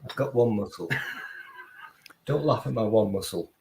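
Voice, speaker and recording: Low-voiced man cracking jokes. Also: a little slow, creaky, warm tone. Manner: jokey, playfully boastful. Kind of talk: casual chat.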